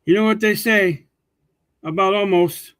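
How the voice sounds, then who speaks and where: High-voiced man reading comic lines. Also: fairly even intonation, unhurried, a bit bright, clear, resonant tone, no room sound. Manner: reads dialogue with stumbles and repeats. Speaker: co-host reading comic dialogue. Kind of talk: casual comic read-along.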